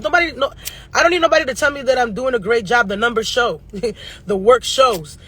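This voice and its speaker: A woman giving a casual astrology reading who talks bluntly and profanely, going off on fast-ranting tangents. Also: high voice, expressive, a bit bright, husky. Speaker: astrologer and tarot reader.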